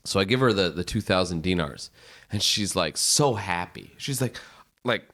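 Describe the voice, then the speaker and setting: A man on a podcast, telling anecdotes in animated, profane style and acting out the people in them. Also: low-pitched, moderate pace. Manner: animated, profane, does voices when telling stories. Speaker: podcast guest. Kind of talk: casual storytelling.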